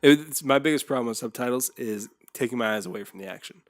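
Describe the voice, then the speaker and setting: A man co-hosting a podcast, relaxed and laid-back in casual chat, sometimes trailing off as he searches for names. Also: medium pitch, fast talker, no echo. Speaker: podcast co-host.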